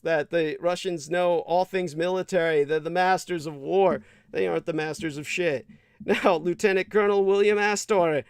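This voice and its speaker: A man's voice: a little high, darkish tone, clean tone, no echo, clean studio sound. A man hosting a livestream, reading quotes aloud and breaking into profane, scornful rants. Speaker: livestream host.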